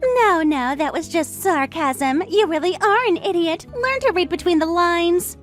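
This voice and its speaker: A woman plays an arrogant, condescending young sister-in-law in a dramatized text-message story, sneering and mocking with scorn. Her voice is extremely high and expressive, a little slow, over faint background music.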